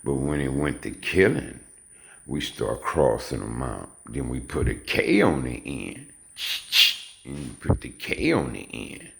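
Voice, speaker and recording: A man's voice: a bass voice, very animated, a little slow, gravelly. A man giving a rambling, casual monologue in streetwise slang. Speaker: vlogger. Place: home in suburban Houston.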